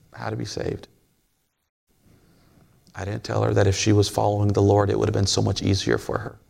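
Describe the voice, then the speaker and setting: A man's voice: on the low side, creaky. A man preaching a sermon in a folksy, storytelling way, joking with the congregation.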